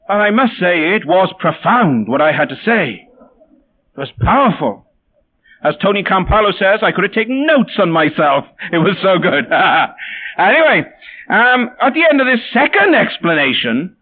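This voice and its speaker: Wry high-voiced preacher, tinny sound. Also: male voice, sing-song, normal speed. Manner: wry, self-deprecating storytelling. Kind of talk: sermon with personal anecdotes.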